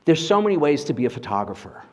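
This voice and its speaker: A guest lecturer who shoots portraits talks fast and very animatedly in a darkish, slightly high voice, echoing through the long reverb of a big symposium lecture hall. His informal talk to the live audience is chatty and conversational, sprinkled with "like" and "right?"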